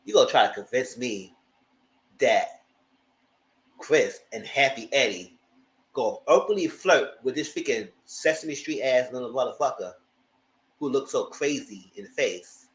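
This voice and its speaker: A man giving blunt, profane live commentary on reality TV episodes, acting out cast members' lines in high voices. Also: lively intonation, measured pace, pauses often, reverberant, poor audio. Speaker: reality TV reviewer. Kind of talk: live casual recap commentary.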